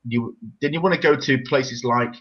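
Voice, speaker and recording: A British man in his forties, mid-pitched, talking in a chatty, rambling and blunt way. His voice comes through a muffled, lo-fi remote call. He sounds like a host in loose conversation. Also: normal speed, a bit bright. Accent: British English. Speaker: podcast host. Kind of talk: casual interview chat.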